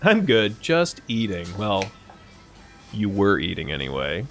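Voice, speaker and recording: Animated man chatting with stream viewers. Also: fairly low pitch, a little slow, faint music behind. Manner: animated, swearing, laughing at his own jokes. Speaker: live streamer. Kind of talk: casual chat with viewers.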